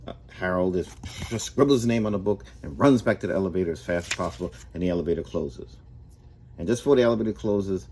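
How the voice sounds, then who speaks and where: A man telling a story in a relaxed, casual way, often restarting and repeating his words. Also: deep voice, breathy edge.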